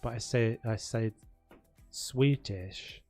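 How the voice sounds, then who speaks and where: Man, South London accent, lowish pitch, casual stream chatter, faint music behind. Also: expressive, moderate pace, a little mellow. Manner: chatty, laughs often, trails off and restarts. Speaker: game streamer. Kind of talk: casual live-stream chat. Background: faint background music.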